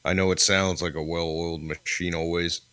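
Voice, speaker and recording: A man's voice: sits low, little pitch movement, moderate pace, bright, forceful tone. A man in his sixties co-hosting a podcast, chatting casually with crude, joking asides. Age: 60s. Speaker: podcast co-host. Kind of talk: casual chat.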